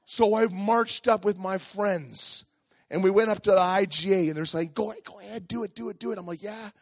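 Lively storytelling pastor, a man. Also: high-pitched, normal speed, gravelly, no echo, studio quality. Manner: lively, acts out voices in his story, then turns quiet and earnest. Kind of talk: family sermon with personal storytelling.

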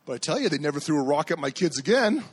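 A male pastor from Canada preaching a sermon, telling stories and acting out the voices in them, and shouting at the high points. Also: very animated, fast talker, breathy edge. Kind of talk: sermon with storytelling.

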